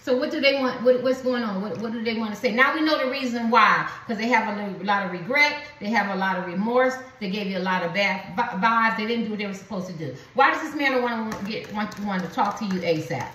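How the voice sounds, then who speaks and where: A woman's voice: mid-range voice, a little fast, few pauses, fairly bright tone, far from the mic. Rambling woman tarot reader, echoey room. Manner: rambling and repetitive, slangy, with many fillers. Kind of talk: spiritual tarot reading to viewers. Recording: echoey room, voice set back from the mic.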